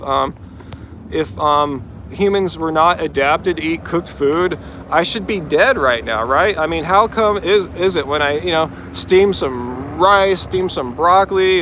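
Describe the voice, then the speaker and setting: A man's voice: a little high, a bit bright, a little hiss or hum. A man hosting a live vegan Q&A after a run, talking at length and firmly rebutting commenters' questions. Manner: talkative, pointed, rebutting commenters. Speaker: vegan channel host answering live chat questions. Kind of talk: live-stream Q&A.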